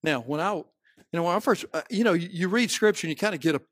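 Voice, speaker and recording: A Southern American man delivers a sermon in a dry, close recording. His voice sits a little high and swings dramatically between hushed storytelling and shouted, fiery peaks. He acts out the people he quotes as he tells the story. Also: lively intonation, fast talker, dry recording. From Southern United States. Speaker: pastor.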